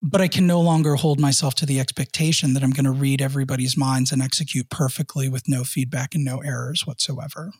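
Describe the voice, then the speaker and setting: A man in his thirties, co-hosting a podcast, telling a personal work story in an earnest way, with many fillers and soft laughs. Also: medium pitch, steady tone, quick pace, few pauses, husky, dry recording, clean studio sound. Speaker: podcast co-host.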